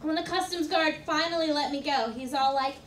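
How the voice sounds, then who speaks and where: A woman performing a stand-up comedy set on a club stage, delivering jokes deadpan with sudden loud outbursts. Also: high-pitched, a little fast. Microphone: stage microphone. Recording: roomy club sound from a distance, audience and faint noise. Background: audience laughter.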